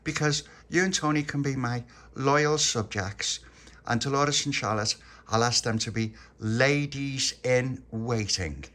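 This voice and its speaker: A man's voice: unhurried, a bit bright, close to an everyday voice. A man voicing a bossy, eager little girl who wants to play queen in a told story. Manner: high, eager, insistent.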